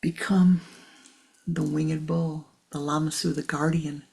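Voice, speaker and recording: A woman spiritual teacher giving a slow guided teaching in a soft, measured voice that often drops to a hushed whisper. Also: deep voice, flat delivery, creaky, breathy edge.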